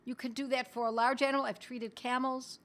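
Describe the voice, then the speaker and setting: A middle-aged woman teaching on a live stream in a chatty way, talking straight to her viewers and reading their comments aloud, with the odd cough and throat clearing. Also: high voice, little pitch movement, a little fast, fairly bright tone. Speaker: homeopathy educator hosting a live stream.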